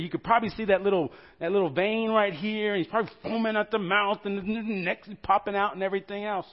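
A man preaching a sermon as pastor, telling the story with animated rhetorical questions to the congregation. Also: sits high, fast, few pauses, highs cut off.

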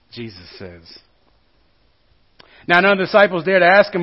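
A man preaching a sermon, retelling a Bible story with jokes and acted-out quotes, his voice swinging between loud and soft. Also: sits high, normal speed, pauses often, highs cut off. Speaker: pastor.

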